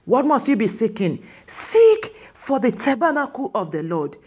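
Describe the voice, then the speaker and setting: A woman preaching with a husky, slightly breathy voice that rides fairly high. Her pitch swings widely as she presses her listeners with question after question. She slows down and draws out key words to drive them home. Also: big pitch swings, darkish tone. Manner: emphatic, repeats rhetorical questions; stretches key words slowly for emphasis. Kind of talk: sermon.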